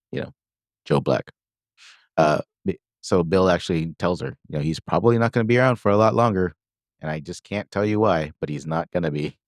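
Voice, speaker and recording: A podcast co-host with an extremely low voice casually retells a movie's plot, using lots of fillers and quoted lines. The recording is dry and studio quality.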